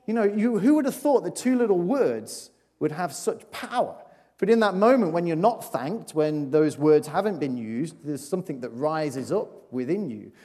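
A man's voice: high-pitched, dark tone. A man giving a playful children's talk in a church service, chatting and asking the audience questions. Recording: long reverb of a large hall.

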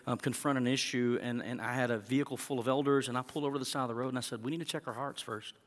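A man's voice: medium pitch, steady tone, racing, fairly bright tone, in a large hall. A male pastor preaching a sermon in an earnest way that rises to emphatic peaks.

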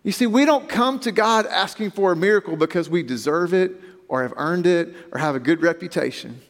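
A man delivers a sermon in a high voice, moving from reading scripture to explaining it with emphatic pauses. The sound carries the long reverb of a large church hall. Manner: reads scripture aloud then expounds, with emphatic pauses. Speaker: pastor.

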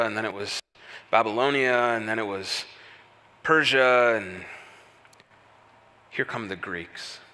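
A man preaching a sermon, telling the story with lively rhetorical questions. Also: mid-range voice. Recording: echoey hall reverb.

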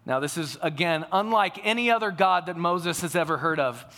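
A man's voice: a little high, moderate pace, sharp tone. A man preaching a sermon to a congregation, telling a family story in a conversational way. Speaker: pastor.

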